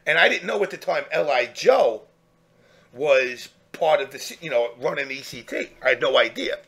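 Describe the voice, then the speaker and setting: A man telling a profane, animated story in casual chat, acting out the people he quotes. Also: medium pitch, moderate pace, creaky, breathy edge.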